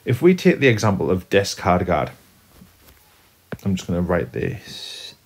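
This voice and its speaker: A man's voice: sits low, wildly swooping pitch, unhurried, gravelly, slight background noise. A man teaching Spanish grammar to students, explaining patiently step by step as he writes on a board. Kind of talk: classroom lesson at a whiteboard.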